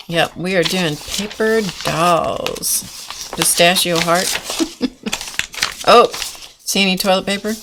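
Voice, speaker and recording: A woman with a lowish voice hosts a casual art journaling live stream. She chats loosely and giggles often, rambling as she works. A faint hiss sits under her voice. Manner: chatty and giggly, rambling while working.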